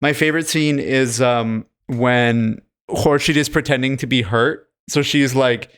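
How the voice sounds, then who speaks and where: A man's voice: medium pitch, a little slow, a bit bright, smooth. A man co-hosting a casual film podcast, retelling movie scenes and acting out the characters' lines as he goes. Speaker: podcast co-host.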